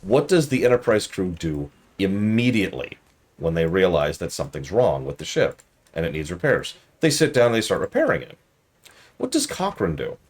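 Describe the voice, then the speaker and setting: A man's voice: low-pitched, sing-song, moderate pace, husky. A man streaming a game review in casual commentary, easily exasperated and ranting at the game while chatting with viewers.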